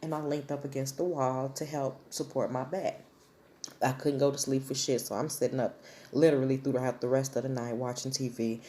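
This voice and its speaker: Low-voiced, foul-mouthed woman storyteller. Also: a little fast. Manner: blunt, profane, animated storytelling. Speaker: vlogger. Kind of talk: casual storytime narration.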